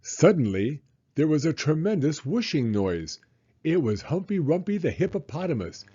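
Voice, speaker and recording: A man reading a children's storybook aloud in an expressive, dramatic way. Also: a little high, moderate pace, husky, highs cut off.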